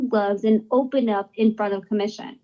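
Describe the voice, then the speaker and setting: A woman with a mellow, low-key tone tells a story bluntly, swearing and acting out the back-and-forth. Her audio sounds dull and muffled, as if it comes in from a remote connection. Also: fairly even intonation, normal speed. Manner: blunt, profane, acts out dialogue. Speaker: guest from a boxer's team. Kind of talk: casual storytelling.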